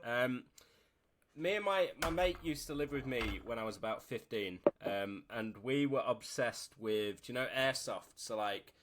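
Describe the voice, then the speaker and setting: A man's voice: mid-range voice, a little slow, noisy background. A man from Leicester, casually telling a story on a podcast, laughing as he goes. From Leicester, England. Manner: chatty, laughs while telling stories. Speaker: podcast host.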